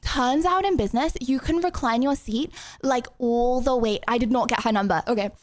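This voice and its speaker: Young woman, high voice, dry close sound, rambling casual chat. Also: normal speed, no echo. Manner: chatty, rambling, lots of "like" and "okay". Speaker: streamer.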